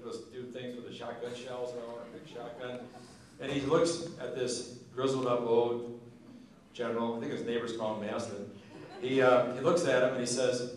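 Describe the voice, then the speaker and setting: A man's voice: medium pitch, slight background noise. Man telling a folksy story in an echoing hall. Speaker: speaker at a Marine Corps ball. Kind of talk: after-dinner joke telling. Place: large banquet hall. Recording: echoey banquet hall, distant mic.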